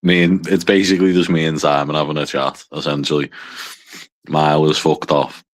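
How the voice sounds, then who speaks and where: A man's voice: rumbling low, level tone, brisk. A man with a mild northwest English accent from near Liverpool, hosting a casual livestream with dry, self-deprecating teasing and swearing. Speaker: livestream host. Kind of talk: casual banter to a small live chat.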